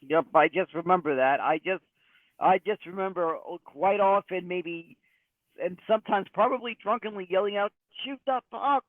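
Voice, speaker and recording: Man, co-host, slightly high voice, halting and repetitive, phone-line sound. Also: dry recording. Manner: halting, repeats himself. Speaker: podcast co-host. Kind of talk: casual sports talk.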